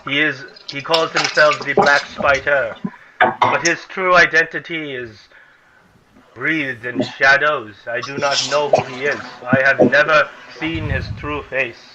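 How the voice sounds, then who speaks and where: A man voicing a captive male doppelganger mercenary, speaking low, quiet and measured. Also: steady tone, highs cut off, crowd noise, natural voice. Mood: flat.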